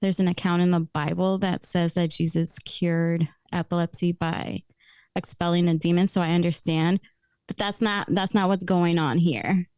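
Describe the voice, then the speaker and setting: Lively woman guest, dry close sound. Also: on the low side, normal speed, clear, resonant tone, dry recording. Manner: lively storyteller, laughs often. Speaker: podcast guest. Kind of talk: casual chat.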